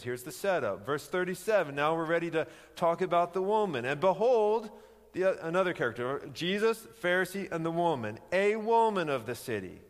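A man preaching a sermon, teaching conversationally with emphatic rhetorical questions. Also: a little high. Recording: long hall reverb.

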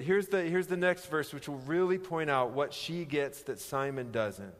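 A male preacher delivering an animated sermon, his voice sitting a little high for a man. He acts out the quoted lines and slows down on key words, often restarting his sentences. A long reverb hangs on every word, as in a large hall. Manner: animated storytelling, acting out quoted lines with rising pitch; frequent restarts, slows down for emphasis.

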